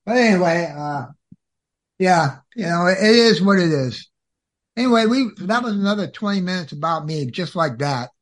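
A man's voice: sits high, moderate pace. A man hosting a talk radio show, chatting casually with lots of fillers. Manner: relaxed, filler-heavy. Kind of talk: casual chat.

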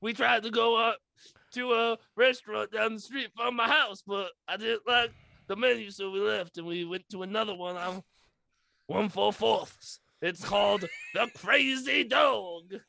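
A man's voice: sits high, a little slow, gravelly, bright, forceful tone. A man reading a transcript aloud for comic effect, often laughing, on a close podcast mic. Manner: giggly, breaks into laughter. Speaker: comedy podcast co-host.

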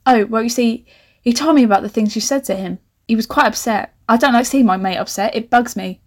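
A big teenage boy who bullies and threatens a girl, read flatly as stiff written dialogue, as a woman reads his lines aloud. The voice sits a little high for a boy. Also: fairly quick, natural voice. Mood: threatening. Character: big male teen bully threatening a girl.

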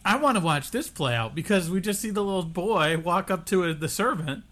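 A man co-hosting a podcast, chatting casually and jokingly about an episode and slipping into quick impressions of characters. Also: high voice. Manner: joking, animated, recaps scenes with quick impressions. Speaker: podcast co-host. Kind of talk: casual recap chat.

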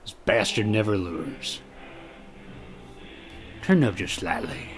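A tipsy young man co-hosting a podcast, loud, crude and rambling, swearing often. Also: fairly low pitch, lively intonation, takes it slowly, pauses often, music in the background. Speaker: podcast co-host. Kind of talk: casual drunk banter.

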